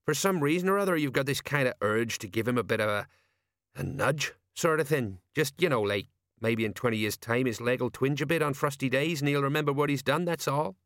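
A man voicing a nervous, rambling middle-aged sergeant who talks in a folksy, drawn-out way. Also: medium pitch, a bit bright, no room sound, studio quality, pitched above the performer's own voice, close to an everyday voice.

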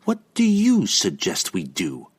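A man voicing a cold, scheming female dark elf priestess in an audiobook, speaking in a sarcastic, commanding way. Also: fairly low pitch, huge pitch swings, a little slow, slightly rough, heavily acted.

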